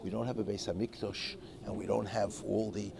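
A man's voice: fairly low pitch, level tone, a little fast. A man giving an informal religious class, telling stories in a digressive way with many restarts and Hebrew and Yiddish terms. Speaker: Torah teacher. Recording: clear background noise.

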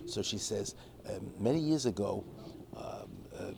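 A man leads a casual religious class as a Torah teacher, his lowish voice animated but his pace measured. He digresses as he tells stories, often restarting sentences and mixing in Hebrew and Yiddish terms, with background noise clearly present.

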